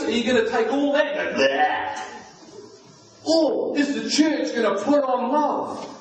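A man's voice: very high-pitched, a little hiss or hum. A man preaching a sermon in a church, emphatic and firing off rhetorical questions. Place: church hall. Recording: echoey hall, miked from far off.

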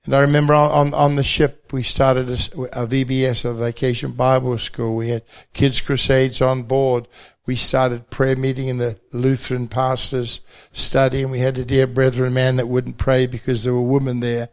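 An older man from New Zealand with a New Zealand accent, a pastor telling his faith testimony at a banquet with gentle self-deprecating humor. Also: medium pitch, flat delivery, moderate pace, few pauses, clean tone.

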